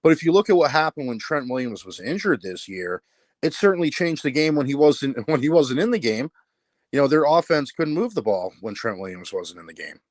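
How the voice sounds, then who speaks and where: A man's voice: mid-range voice, very animated, fairly quick, no room sound. A man calling in to a sports show, casual, level-headed and explanatory. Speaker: caller. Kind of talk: casual sports call-in talk.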